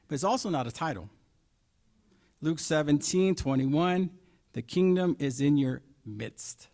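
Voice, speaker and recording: A man's voice: on the high side, animated, a little slow. Emphatic middle-aged man preaching a sermon. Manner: emphatic, rhetorical questions, swings between soft asides and loud stresses.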